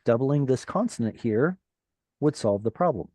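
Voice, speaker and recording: A man teaching a Hebrew grammar class over a video call, animated and encouraging, with playful asides. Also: medium pitch, normal speed, no echo, studio quality.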